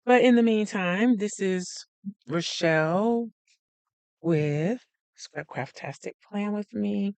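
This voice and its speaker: Woman doing a planner livestream, slow easy talker, dry close sound, chatty with her viewers. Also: medium pitch, gravelly, darkish tone, clear, resonant tone, no echo. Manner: chatty, greets viewers by name, thinks aloud. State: a little out of breath. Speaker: planner vlogger hosting a live stream. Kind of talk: casual live-stream chat.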